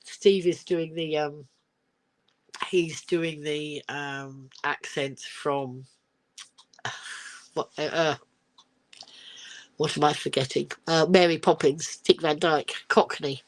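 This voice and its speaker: A woman's voice: sits low, steady tone, slow, long pauses. An older woman from England chatting casually on a live stream from her phone, rambling and giggly, reading out viewer comments. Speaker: livestream host. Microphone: phone camera.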